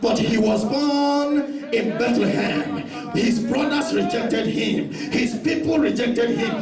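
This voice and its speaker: A male pastor preaching an impassioned sermon with heavy repetition and shouted declarations. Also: very high voice, takes it slowly, over music. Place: church hall. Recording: echoey church hall, mic at a distance, congregation audible.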